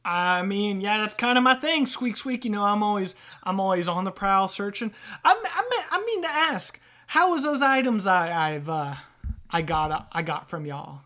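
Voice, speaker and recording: Woman doing a squeaking sleazy rat trader. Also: lively intonation, moderate pace, fairly bright tone, lightly acted. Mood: griping. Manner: crude and swearing, squeaks between phrases. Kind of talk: tabletop role-play voice.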